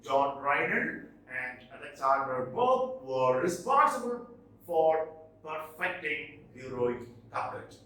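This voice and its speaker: A man teaching a literature lesson, repeating key terms slowly and stressing what matters for exams. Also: fairly high pitch, big pitch swings, sharp tone. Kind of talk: classroom lecture. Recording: echoey room, voice far from mic.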